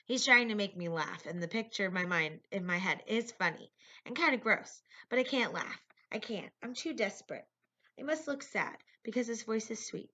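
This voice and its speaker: Female reader, novel aloud, bright tone, dull audio. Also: mid-range voice, animated, a little fast. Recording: lo-fi recording.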